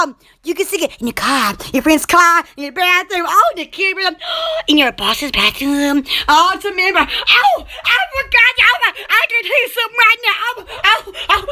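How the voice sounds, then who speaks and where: Woman livestream host, very high and bright-toned, giggly, rambling chatter to viewers at home. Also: big pitch swings, normal speed. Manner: giggly, rambling, exclamatory, blows kisses to viewers. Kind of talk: casual live-stream chat.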